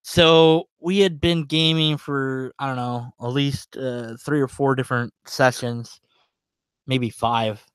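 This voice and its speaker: A man's voice: mid-range voice, fairly even intonation, slow, fairly bright tone, clear, resonant tone, no room sound. A man telling a long, rambling story on his livestream, chuckling as he goes, full of fillers. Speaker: livestream host. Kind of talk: casual storytelling.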